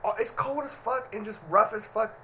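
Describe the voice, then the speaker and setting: A man's voice: high-pitched, normal speed, over a noisy crowd. A man co-hosting a podcast, joking and rambling in casual chat with friends. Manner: joking, rambling, says bro and dude. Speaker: podcast co-host.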